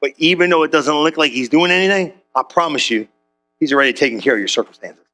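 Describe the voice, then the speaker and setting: A man's voice: a little high, lively intonation, fast talker, sharp tone, faint music behind. A man preaching a sermon as pastor, joking in slang and acting out quotes.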